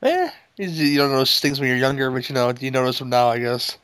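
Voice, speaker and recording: A man's voice: mid-range voice, fairly quick, fairly bright tone, clear, resonant tone, dry recording, rough recording. A man co-hosting a movie commentary podcast, making crude jokes in casual running chatter over the film. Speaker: podcast co-host.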